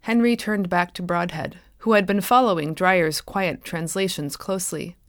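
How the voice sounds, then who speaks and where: A woman author narrating her own short story in a clear, measured storytelling voice. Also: lowish voice, fairly even intonation, dry recording, clean studio sound. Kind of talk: scripted narration.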